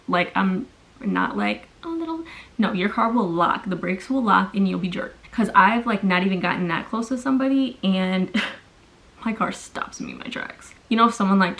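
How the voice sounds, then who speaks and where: A woman's voice: medium pitch, gravelly, a bit bright, poor audio. A young adult woman vlogger telling a long story in casual chat while doing her makeup at home, with lots of fillers.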